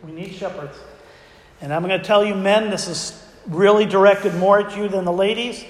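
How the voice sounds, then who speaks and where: A man's voice: high-pitched, steady tone, moderate pace. A man preaching a sermon to his congregation in a conversational way, asking them frequent rhetorical questions. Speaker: pastor. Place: church sanctuary. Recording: echoey church hall with long reverb.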